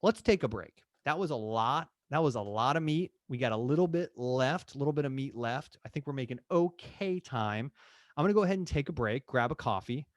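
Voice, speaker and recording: A man's voice: medium pitch, lively intonation, a little fast, dry recording, studio quality. A man coaching real estate agents in a live online session, acting out client and agent dialogue with energy.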